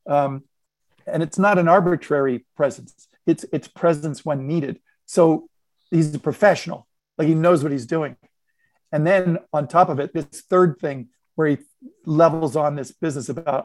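A man's voice: on the high side, normal speed, darkish tone, dry recording. A man on a discussion panel telling a story and reflecting on it aloud, laughing now and then as he unpacks his points. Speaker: podcast panelist. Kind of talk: conversational storytelling.

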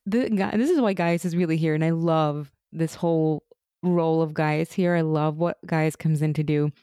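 A woman's voice: low-pitched, moderate pace, dark tone, clear, resonant tone, no echo, studio quality. A woman co-hosting a casual chat about a TV episode, enthusiastic and gushing, often acting out lines. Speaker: podcast co-host.

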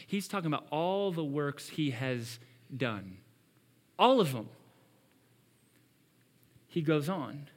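A man preaching a sermon as pastor, swinging between loud emphasis and hushed asides. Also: fairly high pitch, animated, measured pace, long pauses.

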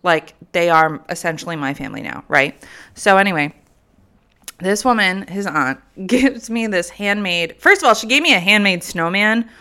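A woman's voice: lowish voice, animated, normal speed, sharp tone, clear, resonant tone. A young woman and mother of three telling a funny story to her viewers in a chatty, casual way, laughing and swearing freely. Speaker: vlogger.

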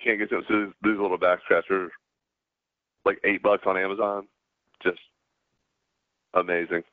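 Middle-aged Southern man, interview guest, halting storyteller, low voice over a tinny line. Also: level tone, no echo. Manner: halting, many restarts and fillers. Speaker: guest, former pro pitcher. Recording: dry, tinny phone-like line.

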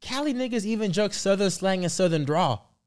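A man's voice: high voice, smooth. A man co-hosting a live stream in casual chat, trash-talking with energy and swearing freely. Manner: fast, animated trash talk, swears freely. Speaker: stream co-host.

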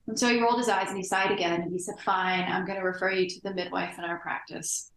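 A woman's voice: mid-range voice, steady tone, fast talker, fairly bright tone. A woman hosting an interview who tells her own story in a reflective, meandering way. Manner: storytelling, reflective, frequent fillers and asides. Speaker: podcast host and author. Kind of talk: conversational interview. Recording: echoey room.

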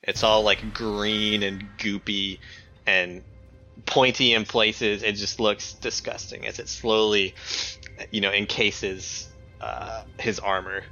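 A man playing a tabletop game, describing his character's actions slowly and searching for words. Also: fairly low pitch, flat delivery, sharp tone, highs cut off, soft background music. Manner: slow, searching, lots of "like". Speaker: player.

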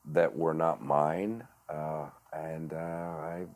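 Guest: middle-aged man with a very deep voice, halting and reflective, lots of fillers. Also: flat delivery, darkish tone. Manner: halting, many fillers and restarts. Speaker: guest, director and actor. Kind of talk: reflective storytelling.

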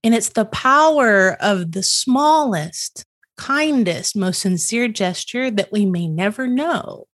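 A middle-aged woman speaking as a podcast guest, her voice sitting at an ordinary middle pitch. She tells personal stories with energy, slipping into the voices of the people she quotes. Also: takes it slowly, dry recording, studio quality. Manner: animated storyteller, acts out quoted dialogue. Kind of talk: storytelling conversation.

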